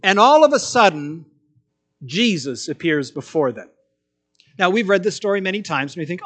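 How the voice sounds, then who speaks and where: A man preaching a sermon, telling the story in an animated way and acting out quotes in different voices. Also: sits high, normal speed.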